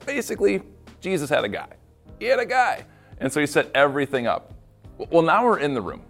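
A man speaking as a pastor, giving a devotional talk for children and adults in an animated storytelling way, often repeating words and adding playful asides. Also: on the high side, brisk, faint music behind.

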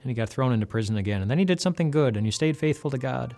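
A man's voice: mid-range voice, lively intonation, rapid-fire, darkish tone. A man giving a casual devotional Bible talk as host. He speaks conversationally and often restarts and repeats words. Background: faint music.

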